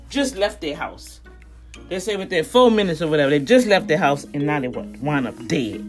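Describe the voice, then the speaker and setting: A woman in her fifties giving heated, indignant commentary straight to her viewers, often repeating words as she gets worked up. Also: low-pitched. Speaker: vlogger.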